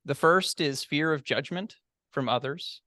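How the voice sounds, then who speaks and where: A man's voice: on the high side, a little slow, bright, forceful tone, dry recording, studio quality. A man, nasal from allergies, giving a candid, self-deprecating and reassuring inspirational speech at a speaking club. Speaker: club member giving the opening. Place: club meeting room.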